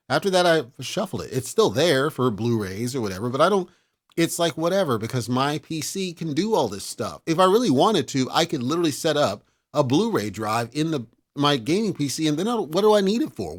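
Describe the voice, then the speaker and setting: A man hosting a casual talk show, giving blunt, exasperated opinions in a lecturing rant. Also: medium pitch.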